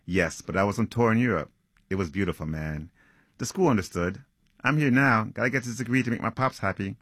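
An author reading aloud, raising his voice high to play a brash, slangy young male jazz trumpeter who teases his new roommate. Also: a little fast, fairly bright tone, husky, no room sound, clean studio sound. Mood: teasing. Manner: teasing, slangy, high-pitched put-on voice.

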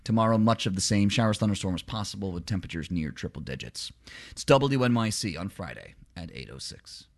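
Brisk, low-voiced male newscaster. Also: animated, gravelly. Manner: brisk, conversational delivery. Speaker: radio newscaster. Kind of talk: local news and weather read.

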